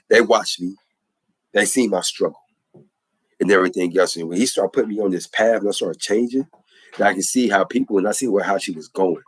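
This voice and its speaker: A man's voice: low-pitched, slightly rough, dry recording. A man giving an impassioned spoken testimony, preaching in an earnest, repetitive, emphatic cadence.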